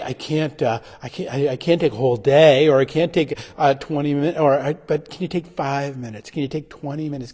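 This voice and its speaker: A man giving a pastor's sermon reflection, halting and full of restarts and fillers as he talks. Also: mid-range voice, a little mellow, slightly rough. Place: church. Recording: livestream with long hall reverb.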